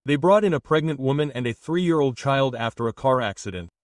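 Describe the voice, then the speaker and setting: A man narrating a dramatic first-person life story in an even, steady reading voice. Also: mid-range voice, brisk, no room sound, clean studio sound, distant mic.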